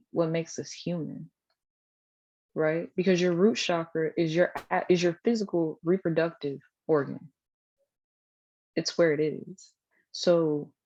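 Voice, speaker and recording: A woman's voice: fairly low pitch, a little mellow. A woman giving a casual spiritual teaching talk, blunt, profane and affectionate toward her listeners. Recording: dull lo-fi sound.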